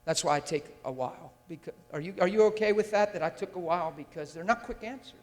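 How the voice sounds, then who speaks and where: Male preacher, high-ish voice, fiery and emphatic, long hall reverb on the mic. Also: quick pace. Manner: intense and emphatic, with rhetorical questions to the audience. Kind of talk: sermon. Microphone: handheld or stand mic.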